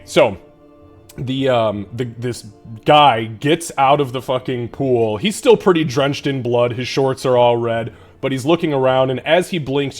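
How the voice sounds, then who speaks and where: A man running a tabletop game as game master, narrating in a loose, casual way and cursing freely. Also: medium pitch.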